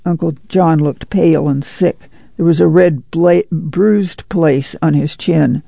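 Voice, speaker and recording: A man with a strongly gravelly, dark voice reads a novel aloud in a measured, unhurried way. His voice sits a bit high for a man. The recording is dry and slightly dull. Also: no room sound. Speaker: audiobook narrator. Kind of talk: scripted novel narration.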